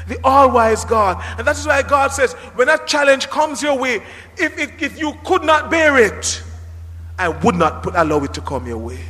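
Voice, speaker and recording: A man preaching a sermon as pastor, animated, with dramatic emphasis and occasional shouts. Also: very high voice. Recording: reverberant hall.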